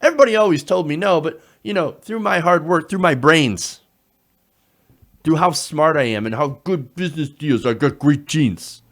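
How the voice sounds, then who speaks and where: A man's voice: a little high, normal speed. A man putting on a mocking impression of a smug, boastful rich older man.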